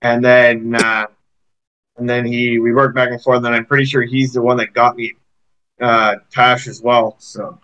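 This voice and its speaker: A man's voice: medium pitch, little pitch movement, unhurried, pushed and bright. A man with a Canadian accent hosting a podcast, easygoing and asking short questions. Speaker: podcast host. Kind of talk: casual interview chat. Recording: dull lo-fi sound.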